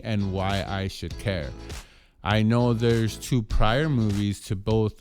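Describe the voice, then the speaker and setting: A man giving a casual spoken movie trailer review, halting often with restarts and repeated words. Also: on the low side.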